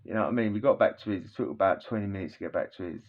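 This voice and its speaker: A man's voice: on the low side, rapid-fire. A man telling a rowdy story in casual chat, rambling with frequent tag questions and laughs. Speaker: podcast host telling a story. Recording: dull lo-fi sound.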